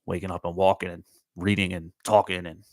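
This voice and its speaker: A man's voice: sits low, little pitch movement, a little fast, darkish tone, no echo, poor audio. A man hosting his own morning talk show, chatting casually and bluntly with plenty of swearing while out on a walk, and talking straight to his viewers. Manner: blunt, heavy swearing, talks to live chat viewers. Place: outdoors, walking.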